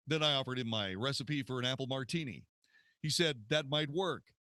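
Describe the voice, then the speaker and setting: A man's voice: medium pitch, brisk, sharp tone, smooth, no echo. A man, a radio host, recording promo spots in a studio, telling a story with theatrical delivery and retakes.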